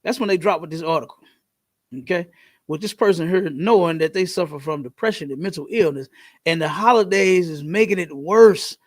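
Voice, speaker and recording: Man leading a casual class, high voice, loose and profane, storytelling. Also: fairly quick. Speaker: class teacher.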